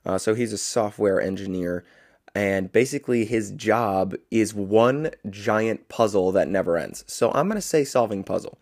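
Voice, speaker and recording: A young man hosting a solo podcast, chatty and rambling, often laughing at himself and filling pauses with "uh.". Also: lowish voice, darkish tone. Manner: chatty, rambling, self-amused with frequent fillers. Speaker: podcast host. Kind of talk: casual solo podcast chat.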